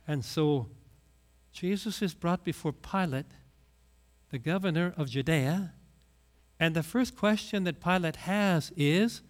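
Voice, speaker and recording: A man's voice: on the high side, slow pace, pauses often. A man preaching a sermon, retelling stories and acting out the voices of the people in them. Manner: storytelling, acts out quoted voices.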